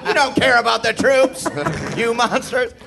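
A man telling a comic story to a panel, talking fast, laughing and swearing often, and acting out what people said. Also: extremely high pitch, flat delivery, gravelly, music in the background. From Nebraska, USA. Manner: rapid, laughing, swearing, acts out quotes.

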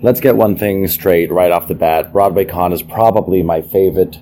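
Deep mellow man doing a promo. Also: moderate pace, slight background noise. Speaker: actor and host. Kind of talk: promo spot.

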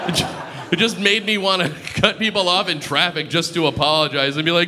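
A man performing a stand-up comedy set, with a deadpan, halting delivery full of pauses and fillers. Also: sits high, noisy background. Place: comedy club stage with audience laughter.

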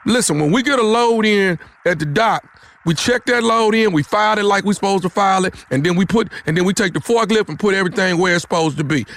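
High pitched guy doing a prank call, stammers, picks a fight. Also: quick pace, fairly bright tone. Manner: stammering, confrontational, streetwise slang. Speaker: radio prank caller.

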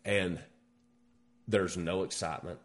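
An American man casually telling a hunting story with animated, profane delivery. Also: sits low, unhurried. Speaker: guest hunter.

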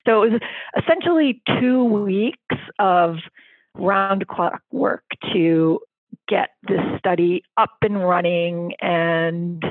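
A woman vaccine researcher answering interview questions in an eager, animated way, quick to laugh. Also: fairly low pitch, no echo. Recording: tinny phone line.

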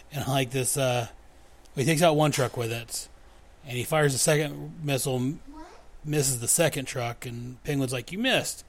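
A man hosting a podcast, recapping a comic book in a casual way, reading the dialogue aloud in voices and chuckling often. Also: medium pitch.

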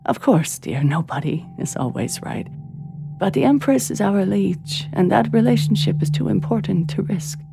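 Audiobook: narrator doing kindly old great-aunt ghost, hushed, soothing, music underneath. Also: female voice, medium pitch, sing-song, normal speed, creaky, voice pushed up. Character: gentle elderly female ancestor spirit, kind. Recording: soft music bed under reading.

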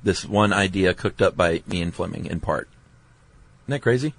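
Deep-voiced man in casual podcast chat. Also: moderate pace. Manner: easygoing, reads listener mail aloud. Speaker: podcast co-host.

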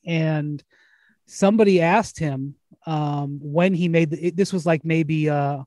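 Male host, high-pitched, loose rambling anecdotes, dry mic. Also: unhurried, warm tone, no echo. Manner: rambling storyteller, frequent restarts and laughs. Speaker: podcast host. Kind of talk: casual sports chat.

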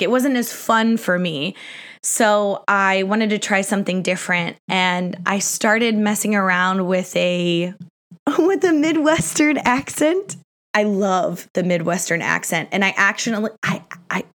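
A woman's voice: medium pitch, a bit bright. Chatty woman podcast host, laughing often. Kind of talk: casual Q&A chat.

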